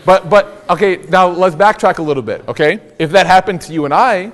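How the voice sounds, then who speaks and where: A man's voice: high voice, expressive, fairly quick, few pauses, a bit bright. A young man giving a casual, joking sermon as an Islamic lecturer, telling stories and acting out the quotes. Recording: long hall reverb.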